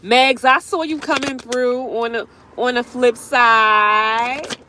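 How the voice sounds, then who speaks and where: A woman's voice: fairly high pitch, fairly even intonation, slow, bright, forceful tone. Young woman, casual tarot reader on a live stream, emphatic and slangy, outdoors by the road, faint traffic behind. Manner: chatty, slangy, emphatic, often laughing.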